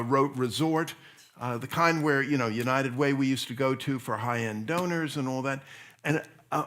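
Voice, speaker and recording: A man's voice: medium pitch, fairly bright tone. A man who is a pastor, preaching a sermon in a conversational, storytelling way, often restarting and repeating words.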